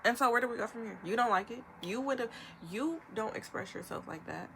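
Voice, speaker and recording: A young woman vlogger with a higher voice and vocal fry rants on camera, with a little hiss or hum audible. Her commentary is emphatic and rapid-fire, spiced with animated impressions of what others said.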